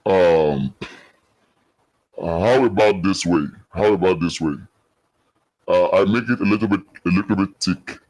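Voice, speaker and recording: A man speaking through a deepening voice changer, playfully testing a thick voice. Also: a little slow, pauses often, a little mellow.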